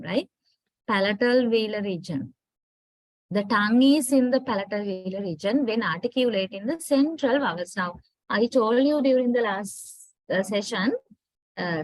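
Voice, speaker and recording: A woman's voice: a little high, no room sound, rough recording. A woman from Sri Lanka with a Sri Lankan English accent, giving a classroom lecture and often checking that students follow with "right?". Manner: explanatory, keeps checking understanding with "right?". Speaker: university lecturer.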